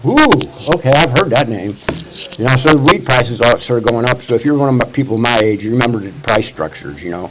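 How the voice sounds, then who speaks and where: With lively intonation, a mid-range voice and a brisk pace, a man in his sixties from Missouri shares his life story at a recovery meeting. His storytelling is casual, rambling and profane, full of "you know" fillers, and loud noise sits in the background.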